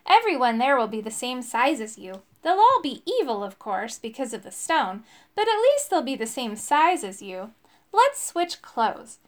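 A woman's voice: sits high, very animated, moderate pace. A woman voicing a friendly, encouraging male elf in a storybook. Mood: reassuring.

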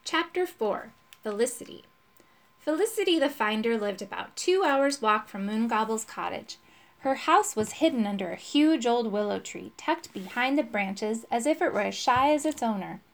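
A woman reading a children's chapter book aloud. Her voice sits fairly high and moves a lot, and she tells the story in a lively, expressive way. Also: normal speed, gravelly. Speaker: storybook reader.

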